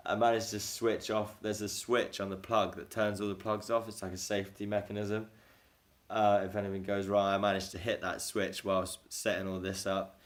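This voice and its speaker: A man's voice: fairly low pitch, little pitch movement, moderate pace. A man talking casually into a phone for a daily video diary, rambling and self-deprecating, often laughing. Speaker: vlogger.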